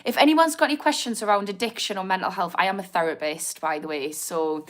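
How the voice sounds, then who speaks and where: A woman's voice: medium pitch, fast. A woman from the north of England with a broad Geordie accent, talking straight to her viewers in a casual livestream. She is chatty and encouraging, laughs easily, swears now and then, and keeps the talk loose and friendly. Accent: Newcastle (Geordie). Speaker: addiction therapist hosting a livestream. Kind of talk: casual livestream chat, reading out viewer comments.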